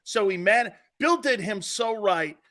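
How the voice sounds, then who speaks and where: A man hosting a sports talk show, with a high, bright voice that swings all over its range. He is brash and laughs often, swearing casually as he chats and plugs upcoming segments. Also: lively intonation, unhurried.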